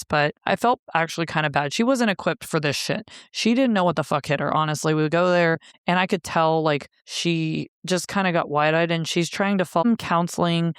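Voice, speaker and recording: A woman's voice: low-pitched, smooth, no echo, clean studio sound. A woman telling her own story as a podcast guest, in a blunt, profane way and with wry laughter. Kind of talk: candid storytelling.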